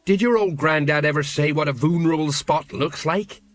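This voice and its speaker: A man's voice: a little high, normal speed, close to an everyday voice. A man doing a blustering, quavering watch sergeant. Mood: quavering bravado. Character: blustering nervous middle-aged watch sergeant.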